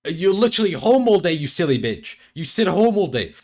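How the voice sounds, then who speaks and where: A young man with a slightly raised pitch rants through a reaction commentary from his desk mic, swearing freely and mocking the other side with sarcasm. He restarts his sentences often, tripping over words mid-thought. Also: sing-song, brisk, a little mellow. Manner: stammering restarts. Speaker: commentary video creator. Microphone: headphones and desk mic.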